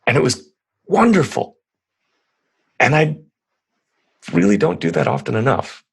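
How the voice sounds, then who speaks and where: A man's voice: medium pitch, big pitch swings, unhurried, creaky, breathy edge. A man in his thirties, a podcast guest, telling stories in a rambling, earnest, casual way. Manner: rambling, earnest, lots of restarts. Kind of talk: casual conversational storytelling.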